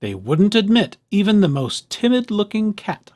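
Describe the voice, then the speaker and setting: A man reading a children's picture book aloud with expressive, animated storytelling. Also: high voice, normal speed.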